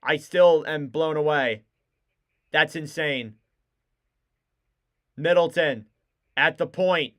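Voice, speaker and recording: A young man doing live play-by-play commentary as a fan streamer, excitable and shouting on big plays. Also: a little high, slow pace, pauses often.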